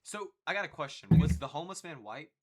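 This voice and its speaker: A man's voice: a little high, lively intonation, fast talker. A man hosting a podcast interview, speaking emphatically and bluntly. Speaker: podcast host.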